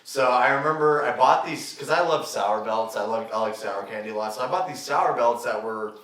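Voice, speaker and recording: A young man, a podcast guest, telling a story in casual chat, animated and swearing freely as he acts out what people said. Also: mid-range voice, a little fast. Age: young adult. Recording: roomy, distant mic.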